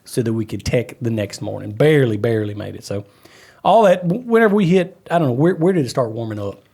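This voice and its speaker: A man, co-hosting a casual podcast and telling a story with animated energy. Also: medium pitch, fast talker, gravelly, husky. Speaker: podcast co-host, off-road racer. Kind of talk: casual chat.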